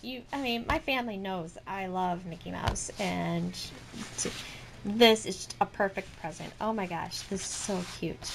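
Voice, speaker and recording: A woman vlogging an excited unboxing, gushing with repeated delighted exclamations. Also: mid-range voice, unhurried, gravelly, noisy background. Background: crinkling packaging.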